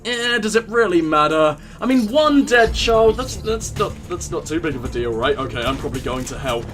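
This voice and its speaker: A man's voice: high-pitched, animated, moderate pace, fairly bright tone, faint music behind. A young man casually commenting on his gameplay, joking irreverently and talking to the characters on screen. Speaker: let's play gamer.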